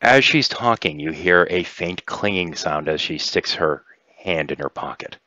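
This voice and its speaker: A man narrating as game master in a relaxed, rambling way. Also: low-pitched, a little slow, dry recording. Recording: dull dry lo-fi recording.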